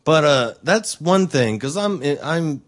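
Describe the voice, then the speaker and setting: A man's voice: fairly high pitch, expressive, takes it slowly. A man chatting casually on a podcast, swearing freely and talking with enthusiasm. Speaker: podcast co-host. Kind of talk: casual chat.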